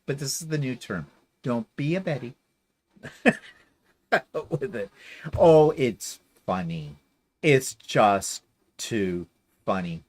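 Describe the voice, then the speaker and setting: A man's voice: medium pitch, animated, slow, long pauses, a little mellow. A man hosting a quilting livestream, chatting casually and reading viewer comments in a sarcastic, theatrical way. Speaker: quilting channel host.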